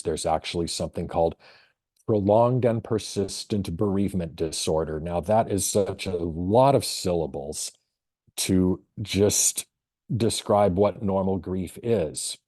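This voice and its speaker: A man with a very low, mellow voice presents a webinar for veterinary colleagues. He talks in a thoughtful, storytelling way with measured pauses. The sound is dry and close to the mic. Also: no echo.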